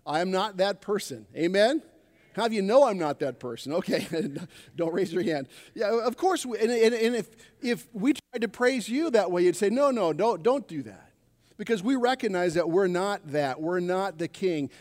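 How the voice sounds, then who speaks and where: A male pastor delivers a sermon with a fairly high voice, calling out to his congregation for responses. The sound carries the long echo of a church sanctuary. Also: animated, moderate pace, darkish tone. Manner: preaching with call-and-response to the congregation. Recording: long reverb of a church hall.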